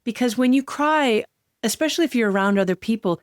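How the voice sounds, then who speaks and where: A woman hosting a solo podcast, talking candidly and with heartfelt, gentle emotion. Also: on the high side, animated, brisk, no echo, studio quality. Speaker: podcast host.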